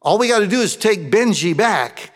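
A man preaching a sermon, reading and explaining scripture in a conversational way that swings from emphatic to hushed. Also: high-pitched, expressive, normal speed. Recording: long reverb of a large hall.

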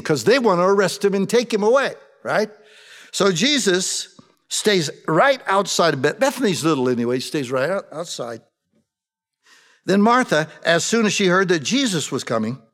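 A man's voice: a little high, fairly bright tone, in a large hall. A man preaching a conversational sermon, asking his congregation rhetorical questions with a wry sense of humor. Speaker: pastor.

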